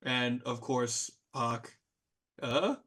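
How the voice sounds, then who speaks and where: A man narrating a tabletop game as game master, casual and animated, with many fillers. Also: mid-range voice, very slow, breathy edge.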